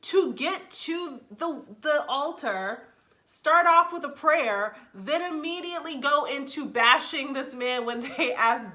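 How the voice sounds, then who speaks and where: Bright-voiced woman recapping a reality show. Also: sits high, slow pace. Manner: chatty and expressive, with frequent "like" and "um" and vivid reactions. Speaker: TV show reviewer, channel host. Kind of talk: casual spoken recap and review.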